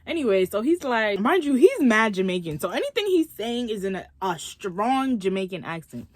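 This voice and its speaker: A young woman casually telling a story in an animated, slangy way. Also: fairly high pitch, moderate pace, dry recording.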